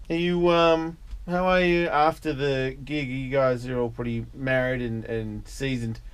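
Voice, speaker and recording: A man's voice: medium pitch, steady tone, a little slow, clean tone. A man hosting a radio talk show, bantering loosely and crudely with his guests. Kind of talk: casual radio interview.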